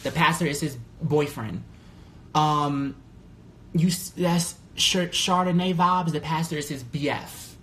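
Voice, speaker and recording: A man talking casually on a live stream, candid and full of swearing, reading out viewer comments and jumping to a high pitch when excited. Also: unhurried. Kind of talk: casual livestream chat. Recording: roomy echo with faint background noise.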